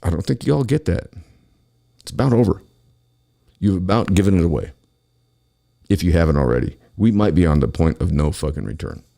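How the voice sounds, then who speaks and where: A man's voice: sits low, animated, a little fast, gravelly, long pauses, warm tone. A man hosting his own show, delivering an angry, profane solo rant about politics. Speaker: podcast host.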